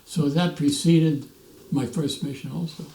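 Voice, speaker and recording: Gravelly old man telling war stories. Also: a little high, measured pace. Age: 90s. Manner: animated storyteller, acts out quoted voices, restarts often. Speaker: veteran interviewee. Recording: roomy echo, mic at a distance.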